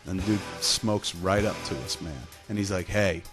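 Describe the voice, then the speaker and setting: Podcast host, male, lower voice, casual profane storyteller who mocks himself and acts out quoted voices, music underneath. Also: fairly even intonation, normal speed. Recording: music playing behind the voice.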